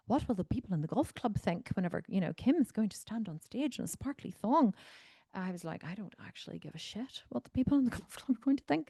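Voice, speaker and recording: A Northern Irish woman coaching members on a video call, talking bluntly and with plenty of swearing, dropping into low asides and then bursting out loudly. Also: no echo, clean studio sound. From Northern Ireland. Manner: blunt and profane, animated, swinging between low asides and loud outbursts. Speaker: fitness coach answering member questions. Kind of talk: casual Q&A on a group video call. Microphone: video call microphone.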